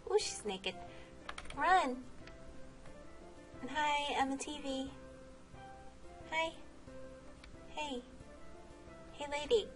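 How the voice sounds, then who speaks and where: A woman's voice: high-pitched, extremely slow, long pauses, soft background music. A woman vlogging while she plays, chatting casually, laughing and exclaiming often. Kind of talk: casual game vlog commentary.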